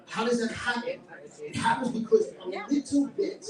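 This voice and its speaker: A middle-aged man with a New York accent giving a loud, passionate and combative speech at a live event. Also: extremely high pitch, moderate pace. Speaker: featured event speaker. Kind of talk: fiery political speech. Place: event hall with live audience. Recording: echoey room, mic at a distance, crowd audible.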